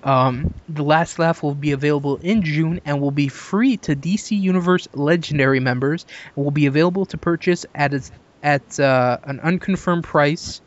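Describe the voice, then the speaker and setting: A man's voice: on the high side, normal speed. A man from Canada hosting a casual gaming podcast chat, teasing his co-hosts and laughing at his own jokes. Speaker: podcast host. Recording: dull lo-fi podcast audio.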